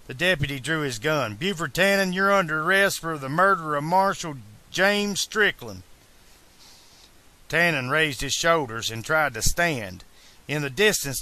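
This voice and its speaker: Man, fan audiobook reader, casual asides, bright forceful voice, slightly high pitch. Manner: casual, chatty asides between read passages.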